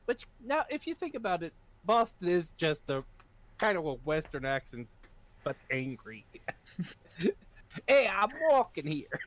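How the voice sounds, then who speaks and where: A man's voice: a little high, sing-song, measured pace, long pauses, no echo. A man playing in a tabletop game, chatting casually and a bit apologetically. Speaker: player. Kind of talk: casual chat.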